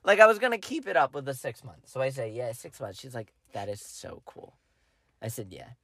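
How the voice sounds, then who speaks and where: A man's voice: medium pitch, big pitch swings, fairly quick, fairly bright tone, no echo. A young man co-hosting a podcast, telling a self-mocking story in casual chat and acting out his own lines. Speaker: podcast co-host.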